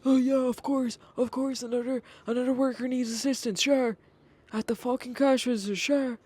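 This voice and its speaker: A podcaster doing an irate old grandpa, pitched way up into a shrill, strained squawk. He yells, swears and scoffs with indignant outrage, in a voice that sounds nothing like the speaker's own. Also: steady tone, normal speed, slightly rough, no room sound. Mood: sarcastic scoffing. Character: furious foul-mouthed grandpa customer.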